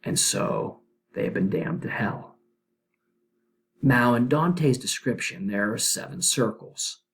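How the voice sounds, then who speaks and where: A man's voice: mid-range voice, lively intonation, takes it slowly, gravelly, fairly bright tone. A male teacher giving a literature lecture, reading old verse aloud with dramatic emphasis and then explaining it in casual words.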